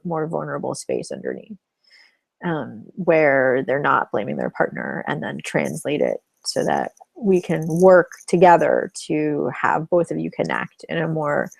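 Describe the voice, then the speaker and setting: Gravelly-voiced woman coaching couples. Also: low-pitched, no room sound. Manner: calm and explanatory, acting out example phrases. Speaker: relationship coach. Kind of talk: teaching in a webinar.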